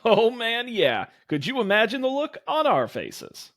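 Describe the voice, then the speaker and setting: A man's voice: very high-pitched, huge pitch swings, a little slow, fairly bright tone, voice pushed up, full character voice. A man voicing a friendly, laid-back dad from a dating game, reading his lines in an earnest, easygoing way. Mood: nostalgic.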